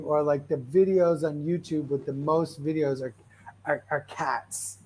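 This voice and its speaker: His pitch sits fairly high and his voice is husky, yet he takes his time. The man is hosting a laid-back motivational talk, drifting through anecdotes peppered with "right?" and "like." Restless and animated, he keeps breaking off and restarting.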